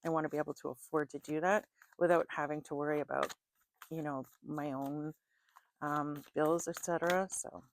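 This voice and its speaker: Low-voiced chatty woman reading tarot. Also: fairly even intonation, normal speed, slight background noise. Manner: chatty, laughs often between remarks. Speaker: tarot reader. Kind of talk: casual chat and tarot card reading.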